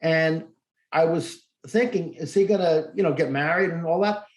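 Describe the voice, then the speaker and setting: A man's voice: a little high, moderate pace. A middle-aged man hosting a podcast, telling a personal story expressively and acting out the dialogue in it. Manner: expressive, acts out quoted dialogue. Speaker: podcast host. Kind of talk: casual interview storytelling. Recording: echoey room.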